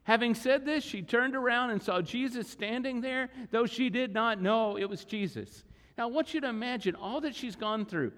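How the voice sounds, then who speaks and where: Guy preaching a sermon, pretty high voice, slows way down to hit points, big church echo. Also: fairly bright tone. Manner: dramatic retelling with acted quotes, slowing for emphasis. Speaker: pastor. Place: church sanctuary.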